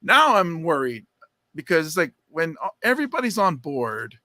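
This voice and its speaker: A man co-hosting a podcast, telling stories in casual chat and jumping into high quoted voices. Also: sing-song, normal speed, sharp tone, no echo, clean studio sound. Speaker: podcast co-host.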